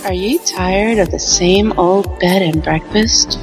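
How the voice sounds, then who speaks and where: A woman voicing a sultry female announcer in a radio commercial, breathy and teasing. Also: mid-range voice, takes it slowly, voice pushed down. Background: music.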